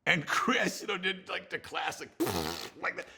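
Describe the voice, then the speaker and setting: Here an older film director rambles through anecdotes during an interview, swearing occasionally, laughing and starting over repeatedly. His fairly high voice has a sing-song, measured delivery that is creaky, bright and forceful, with slight background noise.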